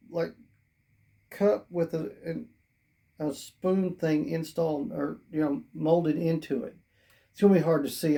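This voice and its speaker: Slow, gravelly, hoarse toy reviewer. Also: medium pitch, mellow. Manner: chatty, rambling, thinking aloud. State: hoarse, losing voice. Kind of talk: casual unboxing narration.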